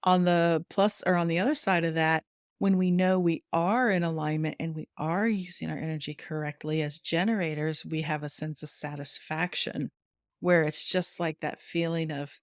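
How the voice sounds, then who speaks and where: A woman guest on a wellness podcast, explaining warmly and chattily, laughing often and acting out little quotes. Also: deep voice, steady tone, normal speed, no echo, studio quality. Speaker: human design guide, guest.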